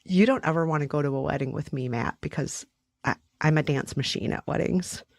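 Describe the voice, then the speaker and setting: A woman's voice: sits low, a little fast, vocal fry, darkish tone, no room sound. A woman co-hosting a podcast, chatting eagerly and laughing often. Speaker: podcast co-host. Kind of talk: casual chat.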